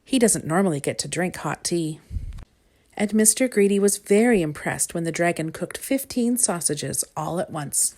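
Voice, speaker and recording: A woman reads a children's storybook aloud, calm and measured. Her voice sits a little low. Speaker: storybook reader. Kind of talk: storybook reading.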